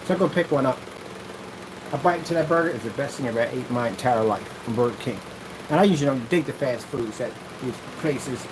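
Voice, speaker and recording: A man rambling through a casual vlog while testing projection screen paint, animated, jokey and full of tangents. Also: medium pitch, fast, background noise.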